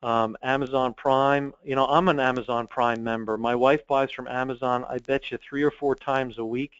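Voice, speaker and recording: A man's voice: medium pitch, steady tone, moderate pace, clear, resonant tone, dry recording, highs cut off. A man who owns an online store, talking directly and confidently as a guest in a business interview, with frequent ums. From United States.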